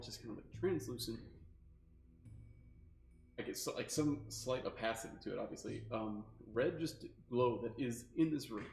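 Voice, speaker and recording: Gravelly game master narrating a scene. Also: male voice, mid-range voice, darkish tone. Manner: rambling, filler-heavy description. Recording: echoey room with faint music.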